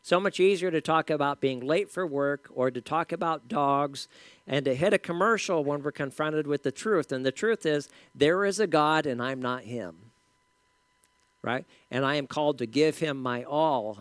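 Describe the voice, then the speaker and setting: A pastor preaching a sermon in a conversational, storytelling way with casual asides. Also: male voice, on the high side, normal speed, no room sound.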